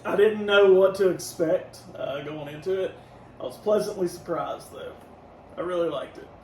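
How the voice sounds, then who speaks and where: This man's voice sits high, moving at normal speed and sounding far from the microphone, in an echoey space with faint noise. He co-hosts a casual podcast, working through an album track by track, laughing easily and handing out scores out of ten.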